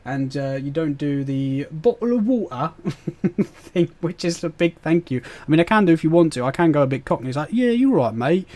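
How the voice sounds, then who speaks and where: Chatty British streamer, mellow voice. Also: male voice, on the high side, moderate pace. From Britain. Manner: chatty and rambling, answering chat with fillers and laughs. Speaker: gaming streamer. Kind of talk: live stream chat.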